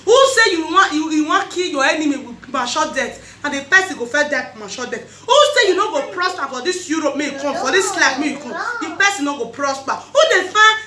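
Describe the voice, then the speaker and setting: A woman with a Nigerian accent, chatting casually in a vlog, animated and laughing often, repeating her phrases. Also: high-pitched, a little fast, few pauses, echoey room. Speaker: vlogger host.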